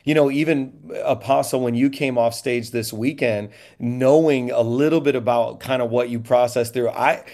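A man's voice: mid-range voice, steady tone, moderate pace, few pauses, darkish tone. A middle-aged man who is a pastor, talking reflectively in a podcast with joking asides. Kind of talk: candid podcast conversation.

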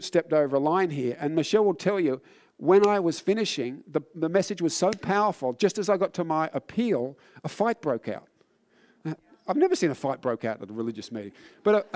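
Man preaching, fairly high pitch, earnest, a little tired, fervent then solemn. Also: animated, brisk, darkish tone. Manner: earnest, builds in intensity then drops low and solemn. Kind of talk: sermon with personal testimony.

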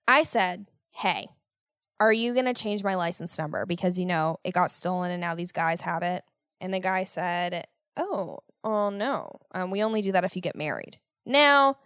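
A woman's voice: mid-range voice, no room sound, clean studio sound. Profane, ranting young woman podcaster. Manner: profane, animated, exasperated ranting. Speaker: podcast host. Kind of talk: casual storytelling monologue.

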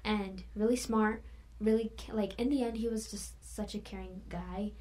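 A woman's voice: mid-range voice, fairly even intonation, normal speed, darkish tone. A woman guest in a casual chat, talking in a chatty way with many fillers and sometimes dropping to a whisper.

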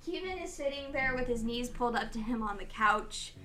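A woman's voice: a little high, expressive, pushed and bright. A woman narrating as game master of a tabletop game, chatty and giggly. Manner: giggly, chatty, quick to laugh.

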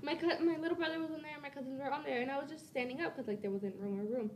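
Teenage girl, high voice, animated storytelling, giggly, faint background noise. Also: very fast. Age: teens. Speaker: student podcast co-host. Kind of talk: casual chat, storytelling.

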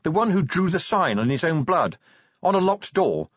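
Cheerful brisk female officer, storybook read, as a man puts her on, raised voice, lo-fi. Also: on the high side, big pitch swings, breathy edge, dry recording, pitched above the performer's own voice. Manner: quick, cheerful.

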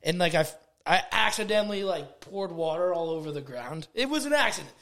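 A man's voice: sits high, animated, brisk, fairly bright tone. A man in his twenties, co-hosting a podcast, tells a rambling, profane story in casual chat. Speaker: podcast co-host.

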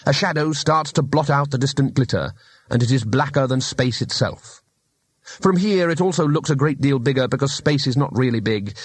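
A man's voice: mid-range voice, breathy edge, no echo. A man narrating an audiobook with dry, wry storytelling.

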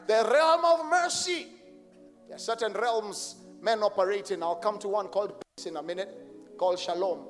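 Male pastor, very high voice, fervent shouted sermon with crowd call-and-response, long reverb, music underneath. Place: large stadium crusade.

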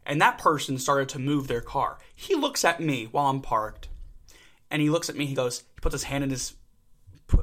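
A young man co-hosting a casual podcast, telling a driving story with lively acted-out quotes. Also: medium pitch. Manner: animated storyteller, acts out shouted quotes. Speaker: podcast co-host. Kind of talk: casual chat.

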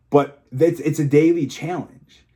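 A young fitness coach vlogs alone, speaking frankly and with emotion, rambling, restarting his sentences and swearing freely. His voice is a little high with a warm tone.

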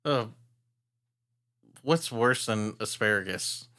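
A man's voice: fairly low pitch, slow pace, sharp tone. A man in casual chat, cracking jokes and teasing questions. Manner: joking, teasing interjections.

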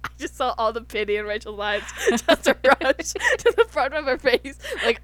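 A woman's voice: high voice, lively intonation, normal speed, fairly bright tone. A woman co-hosting a casual podcast, playful and laughing often, swearing freely. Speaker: podcast co-host. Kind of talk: casual chat.

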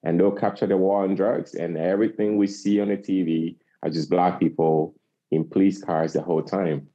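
This guest, a man in his forties from Africa, has a low-pitched, warm voice with a flat delivery at normal speed. He speaks earnestly and passionately in an interview, driving points home by repeating phrases. The recording is lo-fi and slightly dull.

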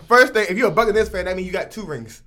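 A young man on a casual podcast, laid-back and rambling, often trailing off into quiet asides. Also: high-pitched, expressive, very fast. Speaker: podcast co-host. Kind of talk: casual sports and wrestling chat.

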